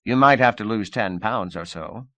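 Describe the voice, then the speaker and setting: A smooth, confident male agent talks in a brisk, persuasive way, as a man reads him. His voice is fairly low and dry, with no room around it. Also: fairly bright tone, dry recording, close to an everyday voice. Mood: coaxing. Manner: brisk, assured, coaxing.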